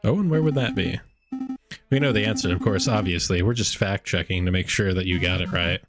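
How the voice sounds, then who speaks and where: A man's voice: low-pitched, a little fast. A man voicing a bossy male bird lawyer, over game music.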